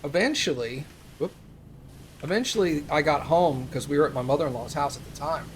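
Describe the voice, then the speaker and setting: A young male streamer with a slightly high voice speaks fairly quickly, with a little hiss or hum in the audio. In casual chat he tells a rambling anecdote loaded with fillers.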